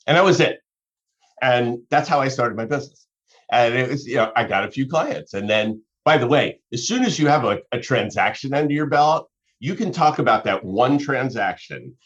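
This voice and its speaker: A man talks through business advice with a lively, rising-and-falling delivery, restarting phrases as he works through examples. The recording sounds dull and lo-fi. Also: medium pitch, normal speed. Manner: animated, explanatory, talks through examples with self-corrections. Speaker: business advisor. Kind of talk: conversational advice talk.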